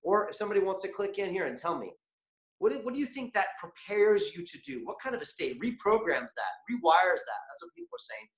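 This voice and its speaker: A man hosting a motivational online masterclass, energetic and constantly asking his viewers questions. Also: high-pitched, a little fast, echoey room. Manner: animated, keeps asking the chat audience questions. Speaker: webinar host.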